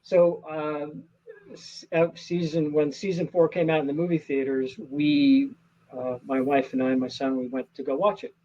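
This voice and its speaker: A middle-aged man, an actor, telling stories in a casual interview, earnest and animated with many restarts. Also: on the high side, normal speed, dull audio.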